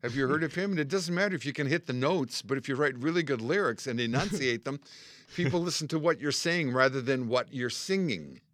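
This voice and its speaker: An older man from Canada, a musician guest spinning animated stories in a casual chat and acting out the people he quotes. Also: medium pitch, fairly quick, no room sound. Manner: animated storyteller, acts out quotes and sings snippets. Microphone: studio mic.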